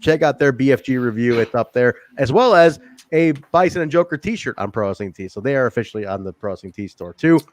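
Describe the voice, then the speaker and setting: A man's voice: mid-range voice, animated, quick pace. A man hosting a wrestling podcast, signing off with loose, profane banter. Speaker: podcast host. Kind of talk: casual chat.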